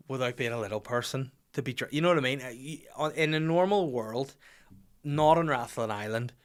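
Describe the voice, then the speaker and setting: A man's voice: medium pitch, a bit bright. Northern Irish male host, 30s, loose jokey storytelling, mid-range voice. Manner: rambling, jokey, sings little tunes. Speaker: podcast host. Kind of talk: casual comic monologue.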